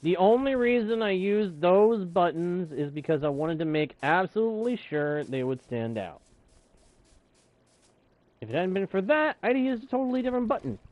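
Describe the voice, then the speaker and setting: A man's voice: high voice, expressive, normal speed, no echo, highs cut off. A man hosting a live game stream, chatting casually and jokingly with viewers and the game. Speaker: streamer and channel host.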